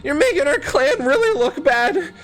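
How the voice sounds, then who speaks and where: A man voicing a small, stocky, balding goblin cleric who is embarrassed by his clan, in a high, whiny, pleading voice. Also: big pitch swings, moderate pace, fairly bright tone, full character voice.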